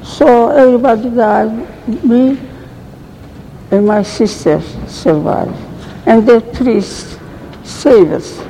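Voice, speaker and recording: An older woman giving an oral history account as a survivor, speaking halting, broken English with frequent restarts. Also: a little high, warm tone. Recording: reverberant room, faint background noise.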